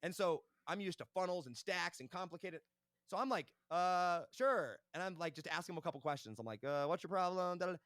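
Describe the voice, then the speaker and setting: A young man speaks fast and eagerly as an interview guest, recounting his business deals. His voice sits a little high, and the recording is dry and close. He keeps checking in with "right?" as he goes. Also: lively intonation, fairly bright tone, no room sound. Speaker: podcast guest, entrepreneur. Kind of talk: casual interview storytelling.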